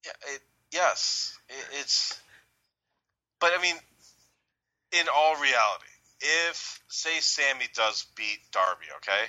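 A man co-hosting a casual podcast, talking animatedly and doing quick voices when quoting people. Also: mid-range voice, low-quality recording. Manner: animated, mimics voices in quoted bits. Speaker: podcast co-host. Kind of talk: casual wrestling talk.

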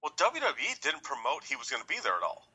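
A man, co-hosting a podcast and telling a story in an excited way. He acts out what people said and laughs often. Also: mid-range voice, fast talker, breathy edge, low-quality recording. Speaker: podcast co-host. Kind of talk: casual chat.

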